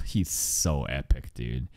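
A young man streaming an anime reaction, talking casually and excitably, swearing often and mock-quoting the characters. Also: extremely low pitch, slow, over music.

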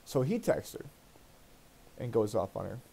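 A man with a dark, mellow voice at an ordinary middle pitch chats into his gaming mic. He retells a personal grievance in a loose, rambling way, swearing freely and sounding put out. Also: sing-song, moderate pace, gravelly, slightly rough. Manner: rambling, profane, aggrieved retelling. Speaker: let's play host. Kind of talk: casual storytelling while gaming.

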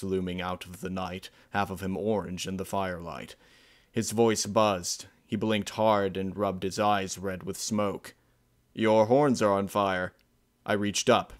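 A man narrating a dark fan-fiction story in a measured, grave storytelling manner. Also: sits low. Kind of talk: dramatic fan-fiction reading.

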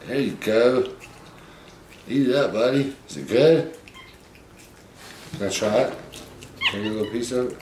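A man's voice: mid-range voice, moderate pace, pauses often, reverberant, slight background noise. A man, host of a pet channel, chatting casually and encouragingly to his pet monkey. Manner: coaxing, encouraging talk to an animal.

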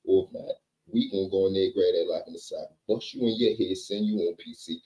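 A man's voice: sits low, fairly quick, mellow, close to an everyday voice, rough recording. A man doing menacing tough inmates. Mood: threatening.

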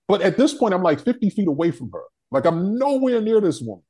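A young adult man telling a story on a discussion panel, profane, animated and emphatic. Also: sits high, fast talker, slightly rough.

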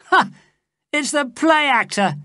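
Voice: high voice, animated, slow, bright, forceful tone, dry recording, clean studio sound, voice pushed up, exaggerated voice. A narrator putting on a mocking young villain. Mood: taunting.

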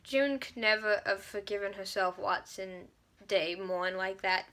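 A woman's voice: mid-range voice, unhurried, a bit bright. A young woman reviewing a book in a casual vlog, gushing and dramatic as she acts out her own reactions.

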